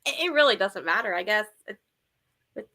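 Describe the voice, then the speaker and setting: A woman's voice: mid-range voice, expressive, a little fast, vocal fry, pushed and bright. Giggly chatty woman hosting a book club. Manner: giggly, chatty, lots of fillers. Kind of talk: casual livestream chat.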